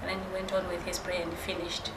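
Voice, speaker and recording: A woman's voice: lowish voice, monotone, quick pace. A woman guest earnestly telling her story in casual conversation. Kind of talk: casual chat. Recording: roomy with background noise.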